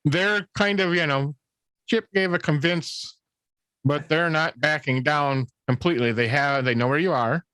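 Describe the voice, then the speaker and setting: A man acting as game master in a casual tabletop session, relaxed and hedging, often laughing. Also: fairly high pitch, measured pace, clean tone, no echo.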